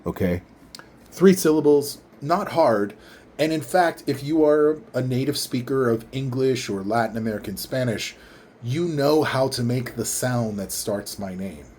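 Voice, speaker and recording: A man casually explaining how to pronounce his name, leaning in to the microphone and enunciating slowly and carefully. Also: mid-range voice, lively intonation, darkish tone, slight background noise. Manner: enunciates carefully, repeats words slowly syllable by syllable. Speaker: vlogger teaching name pronunciation. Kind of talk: casual explanatory talk to camera. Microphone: leans in toward microphone.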